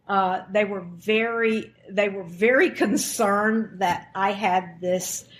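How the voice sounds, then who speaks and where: A woman in her sixties from Alabama, a guest recounting a personal story and acting out the quoted dialogue with animation. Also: medium pitch. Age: 60s.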